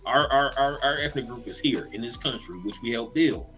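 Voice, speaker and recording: A man co-hosting a casual comedy podcast, talking in an animated, profane way, laughing often and repeating words as he goes. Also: mid-range voice, brisk, soft background music. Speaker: podcast co-host.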